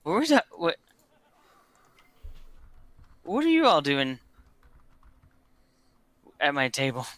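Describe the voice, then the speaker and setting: Rambling drunk old tavern man, bright voice swooping up and down, game master acting it, dry close sound. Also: mid-range voice, huge pitch swings, takes it slowly, pauses often, full character voice. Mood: startled. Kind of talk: tabletop role-play voice.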